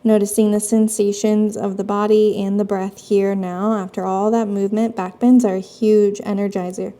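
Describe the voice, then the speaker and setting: A young woman teaching a yoga class, giving calm, steady cues as she moves through the poses with her class, a little out of breath. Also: medium pitch, moderate pace. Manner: calm, steady instructional cueing with brief asides. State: slightly out of breath. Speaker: yoga instructor. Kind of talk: cueing a yoga flow while practicing.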